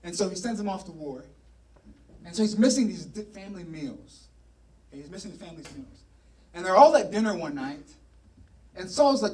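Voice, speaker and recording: High-voiced pastor preaching from afar. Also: male voice, normal speed, far from the mic. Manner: animated storytelling, playful asides. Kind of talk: sermon. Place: church sanctuary.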